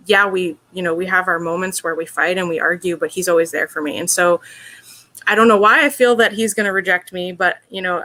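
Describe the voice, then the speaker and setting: A woman's voice: fairly low pitch, pushed and bright. A woman being interviewed, telling a personal story in an earnest, open way, with lots of "like" and "you know". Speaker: interview guest.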